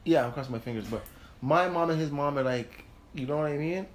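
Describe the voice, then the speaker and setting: A man telling a heated personal story in casual chat, animated, laughing and swearing as he goes. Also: fairly high pitch, fairly quick. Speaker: host.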